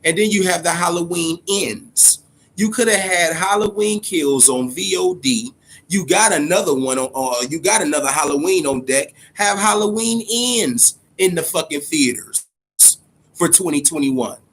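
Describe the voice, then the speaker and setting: A man's voice: high voice, expressive, moderate pace, fairly bright tone, breathy edge. A man hosting a casual boxing livestream, talking loosely and profanely and greeting viewers in the chat by name. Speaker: boxing podcast host.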